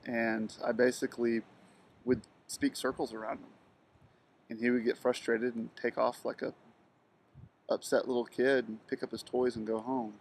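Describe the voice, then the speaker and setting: A middle-aged man talking through a personal story in a halting monologue, with many ums and restarts. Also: mid-range voice. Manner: halting, with frequent ums and restarts, flat delivery. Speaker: video blogger telling a personal story.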